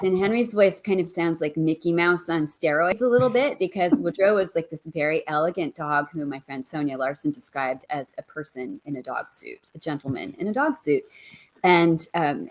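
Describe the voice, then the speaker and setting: A woman author speaks in a lowish, slightly deeper voice with a playful, animated manner. She pokes fun at herself, and she shifts from lively chat into reading her book aloud. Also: normal speed, rough recording. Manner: animated, playful, self-deprecating. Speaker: author, guest. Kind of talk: conversational interview and reading aloud.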